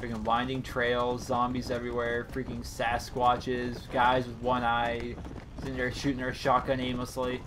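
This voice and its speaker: A young man narrates his gameplay in a loose, jokey way and often bursts into excited shouts. His voice sits at an ordinary pitch for a man. Loud game sounds and horse hooves play clearly behind him. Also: normal speed, noisy background. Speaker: gaming commentator. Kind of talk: casual let's-play commentary.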